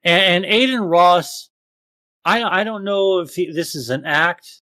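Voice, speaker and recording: Brief: male podcast co-host, high-pitched, profane ranting, dry close mic. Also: measured pace, sharp tone, no echo. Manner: profane, ranting, mocks others in exaggerated voices. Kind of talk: casual podcast chat.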